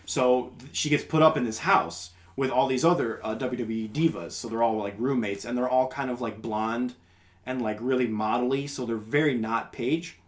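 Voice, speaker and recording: A man's voice: mid-range voice, moderate pace. A young man hosting a podcast, chatting casually in a rambling, laid-back way. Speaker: podcast host. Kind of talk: casual chat.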